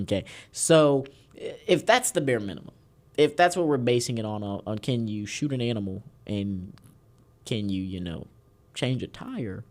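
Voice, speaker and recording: A man with a Southern US accent hosting a casual political podcast, joking and rambling with theatrical emphasis. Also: on the low side. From Houston, Texas. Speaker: podcast host.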